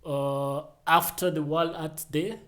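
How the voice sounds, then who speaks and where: A young man chatting on a podcast, his voice sitting a little high. He talks in animated bursts, trails off mid-thought, restarts and jokes with his co-host. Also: slow. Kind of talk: casual chat.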